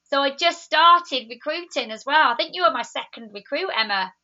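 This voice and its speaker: A woman's voice: high voice, expressive, moderate pace, pushed and bright. A young woman leading a sales team, chatting enthusiastically on a live video while reading viewer comments. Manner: chatty, enthusiastic, laughs easily. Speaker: network marketing team leader. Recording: dull lo-fi sound.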